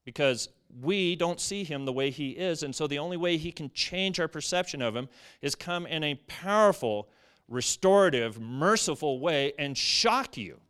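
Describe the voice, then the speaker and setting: Animated male preacher with a clear voice. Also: fairly high pitch, moderate pace. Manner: animated, reads scripture aloud then explains. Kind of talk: sermon. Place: church.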